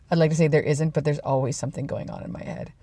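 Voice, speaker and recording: A woman's voice: sits low, dry recording. A young adult woman telling rambling, self-deprecating stories in a casual vlog. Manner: rambling, self-deprecating, drops to a hush for quoted lines. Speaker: vlogger.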